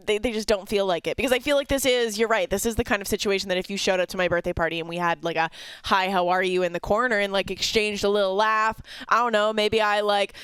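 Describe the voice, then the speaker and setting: A woman's voice: mid-range voice, a bit bright, smooth, no room sound. A woman in her thirties hosting a sports podcast, chatting casually and laughing often. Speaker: podcast host.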